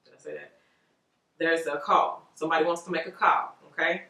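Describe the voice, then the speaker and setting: A woman giving a casual tarot reading to viewers, animated and rambling, with frequent laughs. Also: low voice, quick pace, far from the mic. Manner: animated, chatty, loose and rambling, laughs often. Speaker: tarot reader. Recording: roomy echo, voice off-mic.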